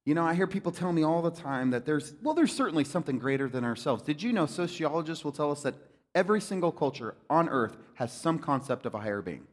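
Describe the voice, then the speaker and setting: A man delivers a sermon in a high voice that rises and falls all over the place. He talks to the room like a friend and throws in jokes between readings. A long reverb from a large hall trails behind his words. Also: quick pace. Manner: animated, conversational preaching with jokes. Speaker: pastor.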